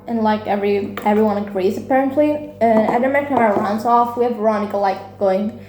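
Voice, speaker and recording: A young woman talks through a story in a loose, rambling recap, swearing now and then and jumping into quick character voices. Her voice sits a little high. The room is echoey, with faint music underneath. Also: a little mellow. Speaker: vlogger. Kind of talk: casual plot recap.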